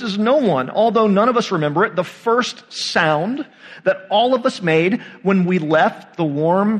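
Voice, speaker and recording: Delivering a sermon in a relaxed, conversational manner, a pastor asks his listeners rhetorical questions and uses dramatic pauses. His voice is a little high for a man, with a long reverb from the church sanctuary.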